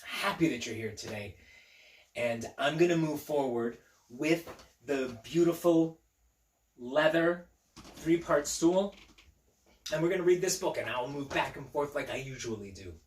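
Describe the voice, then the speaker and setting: Upbeat, silly male teacher for a kids' read-aloud; slow, gravelly delivery, phone mic in an echoey room. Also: a little high, animated. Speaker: teacher reading aloud to children. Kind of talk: playful read-aloud and chat to young kids. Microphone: phone propped on a table.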